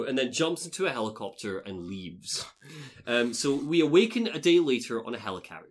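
A man telling a long story on a casual podcast, his pitch rising and falling a lot. He talks in an animated, loose way and swears often as he recaps. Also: normal speed. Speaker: podcast host recapping game lore. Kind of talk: casual chat.

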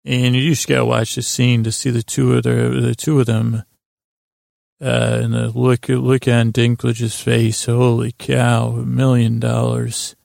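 Gravelly man rambling through a recap. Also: mid-range voice, monotone, a little mellow, no room sound, clean studio sound. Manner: halting, with many fillers and restarts. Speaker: podcast host.

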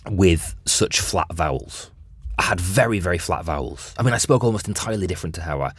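A man in his thirties from Bolton with a softened Bolton accent, a podcast host chatting reflectively, often restarting his sentences. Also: sits low, expressive, fairly quick, breathy edge, no echo, clean studio sound. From Bolton, Greater Manchester. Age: 30s. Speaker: podcast host and radio presenter. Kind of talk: casual chat.

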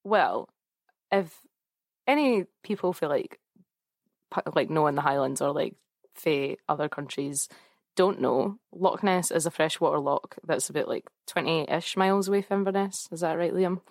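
A woman's voice: low-pitched, moderate pace, no echo, studio quality. A young Scottish woman co-hosting a podcast, chatting casually, telling stories and laughing often. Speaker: podcast co-host. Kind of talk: casual chat.

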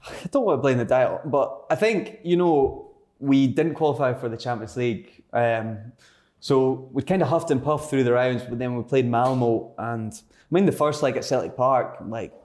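A man's voice: mid-range voice, normal speed, a little mellow. A man, a former footballer, talking casually in a podcast interview and rambling with lots of filler words.

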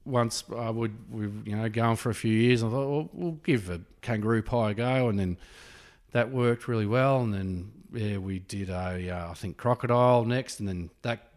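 An Australian man with a lowish voice talks casually about his pie shop, wandering through his points with lots of "sort of" and "you know." The room carries a long, ringing reverb. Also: fairly even intonation, moderate pace, darkish tone. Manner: rambling, many "sort of" fillers. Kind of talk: casual interview chat.

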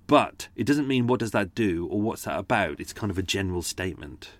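Chatty male host, low voice, dry close sound, rambling and self-mocking asides. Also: animated, fairly quick, dry recording. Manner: chatty, self-deprecating, with frequent fillers and restarts; does character accents for his stories. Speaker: podcast host and storyteller. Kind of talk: casual rambling chat to listeners.

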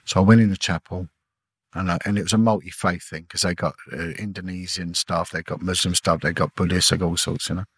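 A middle-aged man, a former detective, telling an emotional personal story in a halting way, repeating words and acting out what people said. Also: deep voice, fairly even intonation, a bit bright, slightly rough, no echo. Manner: halting, repeats words, acts out quoted dialogue. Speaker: podcast guest, former police detective.

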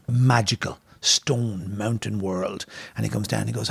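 An Irishman co-hosting a casual podcast chat, telling a story in an excitable, rambling way with plenty of swearing. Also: on the low side, unhurried, gravelly, slightly rough, no echo. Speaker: podcast co-host. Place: pub.

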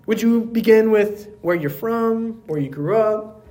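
Speaking a little slowly and at a high pitch, a pastor gives a heartfelt church sermon. He throws out rhetorical questions and drops his voice low to stress key points.

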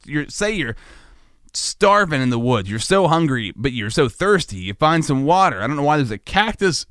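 A man hosting a solo comedic podcast, rambling goofily and jumping into high-pitched mock panic. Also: sing-song, normal speed, a bit bright, no echo, studio quality. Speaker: podcast host.

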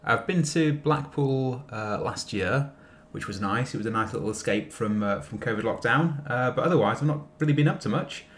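An easygoing man chatting as a podcast guest. His pitch is mid-range and his manner relaxed, with a faint low noise running behind his voice. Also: moderate pace. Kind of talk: casual podcast chat.

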